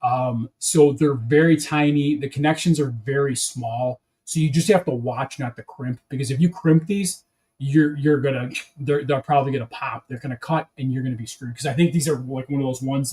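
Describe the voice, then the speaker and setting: A man's voice: medium pitch, fairly quick, a little mellow, poor audio. A man chatting casually on a livestream as he builds a brick set, rambling and restarting his sentences.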